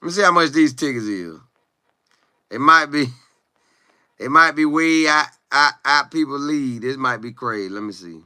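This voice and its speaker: Lively, bright-voiced man chatting with viewers. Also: mid-range voice, moderate pace, clean tone, no room sound, clean studio sound. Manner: animated, chatty, sings and riffs, reads viewer comments aloud. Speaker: sports commentary streamer. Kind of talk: casual live-stream chat.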